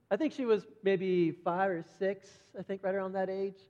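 A man's voice: sits high, fairly even intonation, a little slow. Man, middle-aged, conversational sermon, repeats words, dull lo-fi recording. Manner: conversational, repeats words, acts out quoted voices brightly. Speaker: pastor. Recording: dull lo-fi sound with long hall reverb.

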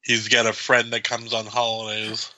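A man's voice: fairly low pitch, monotone, moderate pace, pushed and bright, dry recording, rough recording. A middle-aged man co-hosting a podcast, joking crudely and swearing in casual chat. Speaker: podcast co-host.

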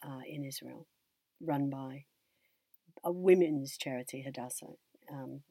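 In an interview, a US actress who teaches drama reflects slowly on a personal story, frequently trailing off and restarting. Her voice sits low, husky and dark in tone, in a close, dry recording with no echo.

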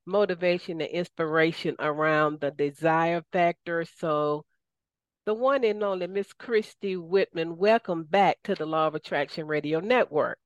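A woman's voice: fairly low pitch, moderate pace, no echo, muffled recording. A woman with a Southern US accent hosting a radio talk show, enthusiastic and folksy, often calling out to her listeners.

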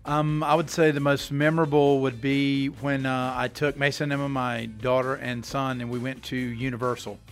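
A man speaking as a guest on a casual chat show, soft-spoken and giving brief answers. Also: medium pitch, level tone, moderate pace, few pauses, faint music behind.

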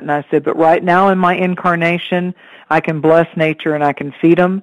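A woman's voice: lowish voice, steady tone, a little fast, dry recording, low-quality recording. A woman hosting a radio chat show as a hypnotherapist, talking in an earnest, rambling, spiritual way.

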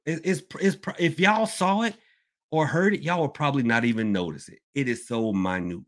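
A man hosting a casual podcast Q&A, rambling and animated, swinging between loud outbursts and low mutters. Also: a little fast. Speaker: podcast host. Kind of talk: casual live Q&A chat.

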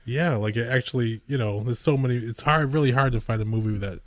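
Animated, swearing man chatting about a movie. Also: medium pitch, quick pace, no room sound, studio quality. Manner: animated, swears often, laughs a lot. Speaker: podcast co-host. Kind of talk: casual film review chat.

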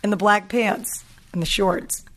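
A woman hosting a podcast, chatting casually and telling animated, gushing stories. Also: medium pitch, measured pace. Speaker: podcast host. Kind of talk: casual chat with ad read.

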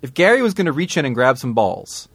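A man's voice: mid-range voice, sing-song, fairly quick, vocal fry, a bit bright, a little hiss or hum. A man co-hosting a podcast in casual chat, joking, laughing often and restarting his sentences. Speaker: podcast co-host.

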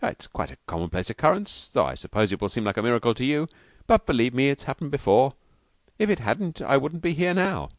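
A man reading aloud, voicing a brisk, jovial little old doctor. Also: medium pitch, very animated, no room sound, studio quality, pitched above the performer's own voice, natural voice.

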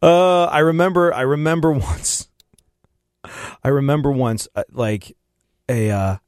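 A man's voice: a little high, measured pace, darkish tone, no echo, studio quality. Laughing, rambling male podcast host. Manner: rambling, laughs often, mimics voices. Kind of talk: casual chat.

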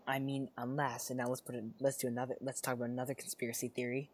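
A podcast co-host in casual chat, talking in an excitable, rambling way with many fillers and restarts. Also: medium pitch, fast.

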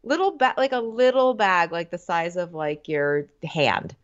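A woman's voice: lowish voice, measured pace, clear, resonant tone. A woman co-hosting a casual comedy recap chat, chatty and quoting people in playful impressions. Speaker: podcast co-host. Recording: dull lo-fi audio.

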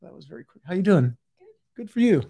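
A man in his forties working as a stage hypnotist, giving repetitive suggestions that swing between loud and hushed. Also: sits high, sing-song, fast talker, breathy edge. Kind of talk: live hypnosis demonstration.

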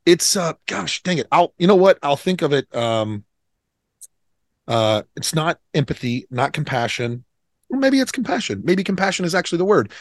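A man's voice: on the high side, big pitch swings, normal speed, no echo. A man hosting an interview, asking questions and often hunting for words. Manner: searching for words, many restarts. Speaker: podcast host. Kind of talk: casual interview conversation.

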